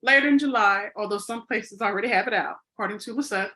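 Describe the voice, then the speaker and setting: A woman's voice: mid-range voice, quick pace, bright, forceful tone. A woman co-hosting a podcast in casual chat. She rambles playfully and corrects herself, with lots of "you know" fillers. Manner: playful and chatty. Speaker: podcast co-host.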